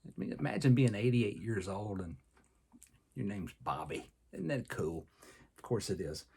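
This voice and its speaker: A man's voice: fairly low pitch, animated, moderate pace, gravelly, mellow, husky. An older man with a Southern American accent, hosting a podcast in a folksy, rambling monologue full of fillers. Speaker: podcast host and personal trainer.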